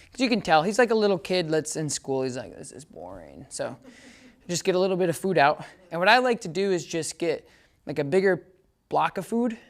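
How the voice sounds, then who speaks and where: A woman dog trainer giving a hands-on lesson in a casual, chatty way, often checking that her listener follows and breaking into short upbeat praise commands for the dog. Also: sits low. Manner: casual explainer, keeps checking "does that make sense?".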